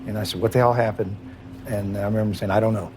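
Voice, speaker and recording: A middle-aged man with a Kentucky accent, a former police chief recalling a night in a halting, emotional interview, with many restarts and trailing pauses. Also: fairly low pitch, fairly even intonation, background noise. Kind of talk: recorded interview recollection.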